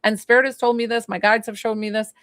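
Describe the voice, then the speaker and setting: A woman's voice: on the high side, level tone, fast, fairly bright tone, dry recording. New lady doing a chatty live reading, lots of likes, dry close mic. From New York. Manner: chatty, rambling, full of "like" fillers. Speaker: psychic medium live-stream host. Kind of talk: casual live-stream talk.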